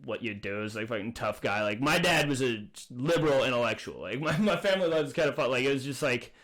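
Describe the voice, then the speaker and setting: A podcast host talking quickly and loosely. His sentences wander and are stuffed with filler words. His voice sits at a mid pitch for a man. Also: lively intonation, a bit bright. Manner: rambling, full of "like" fillers, self-reflective. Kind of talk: casual chat.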